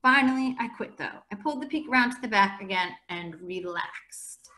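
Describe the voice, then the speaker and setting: A woman English teacher reading a novel aloud for her class in a steady, conversational way. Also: medium pitch, normal speed.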